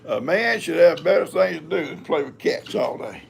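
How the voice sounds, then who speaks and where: A man's voice: fairly high pitch, sing-song, moderate pace, creaky, a little hiss or hum. An older man, hosting a live stream in a rambling, folksy chat and talking to his cats. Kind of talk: casual chat.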